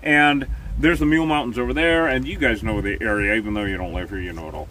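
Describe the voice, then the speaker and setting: A man's voice: mid-range voice, fairly even intonation, fast. A man hosting a casual vlog outdoors, joking and rambling, his speech slightly slurred after dental surgery. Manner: jokey, rambling, self-mocking. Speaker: host. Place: outdoors on rural property. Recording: distant mic with loud outdoor noise.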